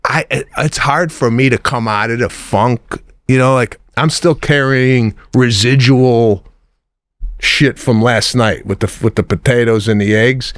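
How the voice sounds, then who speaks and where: A man's voice: mid-range voice, a little slow, a bit bright, no room sound, studio quality. A middle-aged man co-hosting a podcast, venting in casual chat and acting out what others said. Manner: exasperated venting, acts out quotes. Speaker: podcast co-host.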